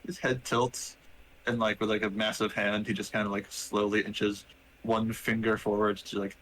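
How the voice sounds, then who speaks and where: Low-voiced man, loose, filler-heavy game narration. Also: little pitch movement, normal speed, a bit bright, slight background noise, poor audio. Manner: rambling, many "like" fillers. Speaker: player narrating a robot character. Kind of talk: casual tabletop narration.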